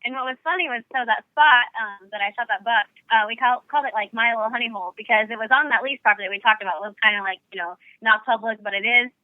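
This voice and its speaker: Woman, lighthearted hunting chat, slightly high voice, dry phone-like audio. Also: fast talker, few pauses, dry recording. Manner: lighthearted, laughing storyteller. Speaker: bowhunter guest. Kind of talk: casual chat. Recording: phone-like narrow sound.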